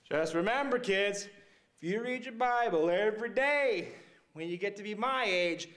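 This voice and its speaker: A man playing a mixed-up, excitable storyteller who retells Bible stories to kids, rambling and checking in with "right?" and "okay?". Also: high-pitched, moderate pace. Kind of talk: comic Bible story monologue.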